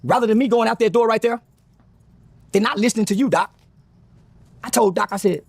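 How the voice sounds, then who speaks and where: Husky guy telling a wild story fast and loose, swearing a lot, dry close sound. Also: high-pitched, dry recording. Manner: animated, profane, acts out quoted voices. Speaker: guest. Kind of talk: casual storytelling.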